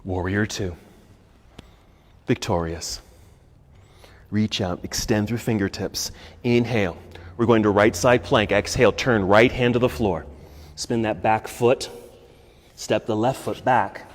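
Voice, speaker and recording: An American man leading a yoga class, giving calm step-by-step cues for poses and breath. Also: lowish voice, a little slow, long pauses, long reverb tail. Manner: calm instructive cueing, breath counts. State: slightly out of breath. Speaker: yoga instructor. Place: yoga studio.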